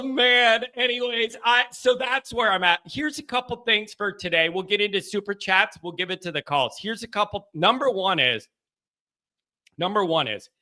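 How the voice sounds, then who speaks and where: High, bright-voiced talk-show guy. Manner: rambling, self-deprecating, quick laughs. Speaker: call-in show host. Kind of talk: casual sports talk monologue.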